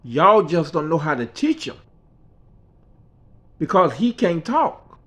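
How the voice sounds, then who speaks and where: A woman's voice: deep voice, very animated, takes it slowly, pitched below the performer's own voice, full character voice. A man quoting an indignant scolding mother. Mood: defiant. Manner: emphatic, scolding. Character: indignant mother defending her son.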